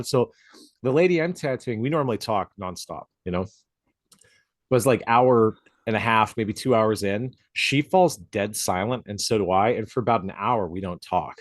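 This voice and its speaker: Chatty low-voiced man, dry close sound. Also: moderate pace, dry recording. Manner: chatty, swears freely, laughs often. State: coughing from a drink gone down the wrong pipe. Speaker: podcast co-host and tattoo artist. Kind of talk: casual chat. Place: home studio, outside noise nearby.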